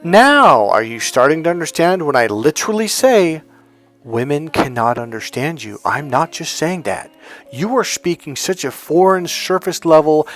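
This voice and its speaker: A middle-aged man from California giving a blunt, profane, animated dating-coaching talk. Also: a little high. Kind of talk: emphatic coaching monologue.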